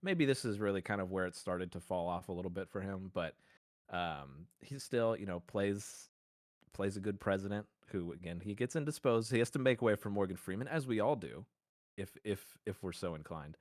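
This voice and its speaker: This podcast co-host has a low, darkish, expressive voice at normal speed. He argues his point in a playful, mock-formal, rambling courtroom parody, laughing often, in studio quality with no room sound.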